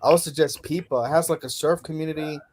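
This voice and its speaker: Laid-back young man, fairly high voice. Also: fairly even intonation, quick pace, darkish tone, a little hiss or hum. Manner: laid-back, peppers talk with "man" and "bro". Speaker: host. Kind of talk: casual livestream chat. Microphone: video call.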